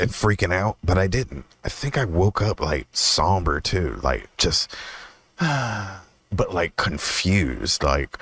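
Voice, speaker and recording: A young man hosting his own podcast, telling a personal story in a rambling, profane way, laughing often and jumping into a higher voice when he quotes himself. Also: big pitch swings, slow pace, a bit bright, no room sound. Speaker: podcast host. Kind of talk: casual storytelling monologue.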